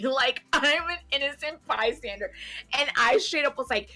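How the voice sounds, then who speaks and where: Animated laughing woman telling a story. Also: sits high, normal speed, faint music behind. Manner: animated, laughing, swears freely, acts out quotes. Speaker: podcast co-host. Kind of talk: casual storytelling chat.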